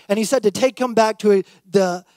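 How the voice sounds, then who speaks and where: Youth pastor preaching, man with a very high voice, dramatic scripture reading, dry close recording. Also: moderate pace, no room sound. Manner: reads scripture aloud, acts out quotes with lively emphasis. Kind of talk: sermon.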